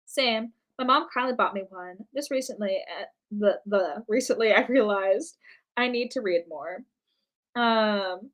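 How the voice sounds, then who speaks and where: Bright-voiced chatty American woman. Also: mid-range voice, rough recording. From United States. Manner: chatty, self-mocking, trailing off with fillers. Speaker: live-stream artist. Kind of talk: casual chat while drawing.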